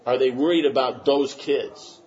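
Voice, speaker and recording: A man's voice: medium pitch, fairly even intonation, a little slow, a little mellow. Spiritual teacher, male, rambling emphatic lecture, lo-fi muffled sound. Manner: rambling, emphatic, with many restarts. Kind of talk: lecture answering questions.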